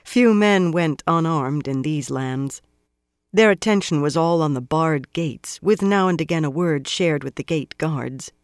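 A narrator reading a fantasy novel aloud in a measured, even storytelling delivery. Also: mid-range voice, no room sound, studio quality. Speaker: audiobook narrator. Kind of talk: scripted fantasy audiobook narration.

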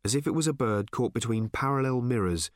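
A man narrating a story aloud in a wry, measured way. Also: mid-range voice, no echo, studio quality. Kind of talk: audiobook narration.

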